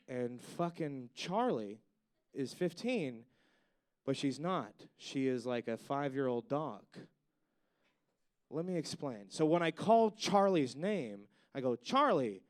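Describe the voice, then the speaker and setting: A man's voice: mid-range voice, animated, unhurried, smooth. A man doing a stand-up comedy set on stage, rambling and swearing, with lots of "like" and "you know.".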